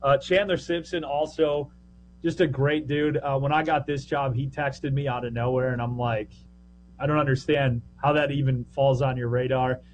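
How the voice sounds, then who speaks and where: A man's voice: mid-range voice, steady tone, a little hiss or hum. A man who works as a minor league baseball broadcaster, chatting casually on a podcast with a joking, rambling manner. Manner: chatty, joking, quick asides.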